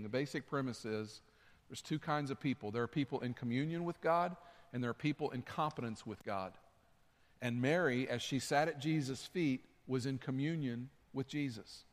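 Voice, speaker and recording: A man preaching a sermon in a conversational way, repeating his key points for emphasis. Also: medium pitch. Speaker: pastor. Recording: long hall reverb.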